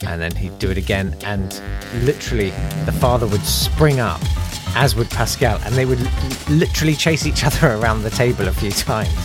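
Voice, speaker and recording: A man's voice: lowish voice, fairly quick, hardly any pauses, loud music behind the voice. Wry, rambling podcast host man. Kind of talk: casual solo podcast monologue.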